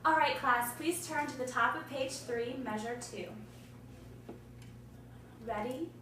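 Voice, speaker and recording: A woman with a fairly high voice plays a choir director, giving quick directions and warm praise to the singers. She is heard from far off in a very echoey room, with clear background noise. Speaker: music education student playing a choir director. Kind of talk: role-played choir rehearsal with analysis.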